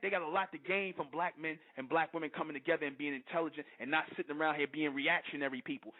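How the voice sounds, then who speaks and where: High-voiced male host, hard-hitting sermon-style rant, tinny phone-line sound. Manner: emphatic, confrontational, keeps asking "you understand?"; profane and repetitive. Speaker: radio show host. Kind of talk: impassioned preaching monologue.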